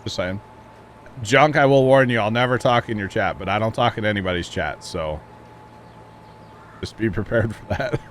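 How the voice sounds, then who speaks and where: A man's voice: on the low side, a little hiss or hum. A man livestreaming a farming game, talking casually and rambling to his chat, chuckling often. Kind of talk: casual chat while playing.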